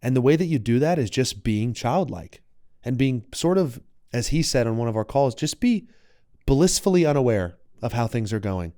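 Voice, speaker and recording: A man's voice: medium pitch, expressive, a little fast, dark tone, no room sound, clean studio sound. A young adult man, a wellness coach and content creator, talking reflectively as a podcast guest and acting out quoted voices. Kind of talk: casual podcast conversation.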